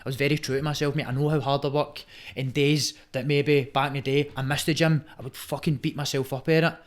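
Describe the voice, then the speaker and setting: Guesting on a casual podcast, a young man from Scotland who fights Muay Thai talks quickly with a medium pitch and little pitch movement. Emphatic and swearing a lot, he tacks "mate" onto almost every sentence.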